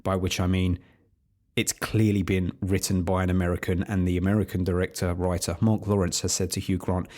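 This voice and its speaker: A man's voice: deep voice, flat delivery, brisk, darkish tone. A man hosting a film podcast, giving a wry, opinionated solo review with sarcastic asides. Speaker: podcast host reviewing films.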